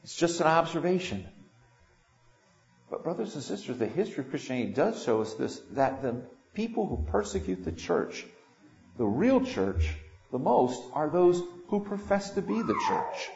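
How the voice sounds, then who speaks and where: Older guy preaching, kinda high voice, lively, roomy echo and muffled sound. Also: moderate pace, vocal fry. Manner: animated, swings from loud emphatic lines to quiet asides. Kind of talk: sermon. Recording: echoey room, dull lo-fi sound.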